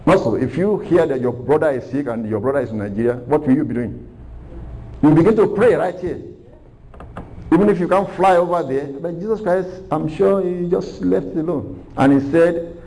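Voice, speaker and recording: A man's voice: mid-range voice, normal speed, dark tone, low-quality recording. A man preaching a sermon, earnest and repeating phrases for emphasis.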